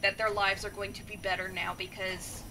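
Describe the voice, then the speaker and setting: A woman gaming streamer retelling a story in a chatty, animated way, with many fillers. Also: medium pitch, normal speed, noisy background. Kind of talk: casual storytelling while playing a game.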